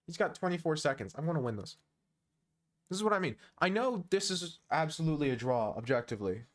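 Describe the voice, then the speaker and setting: Animated and quick, this man's voice runs on the high side. He's an American twenty-one-year-old from the United States, casually analysing chess on a stream, poking fun at viewers and chuckling often.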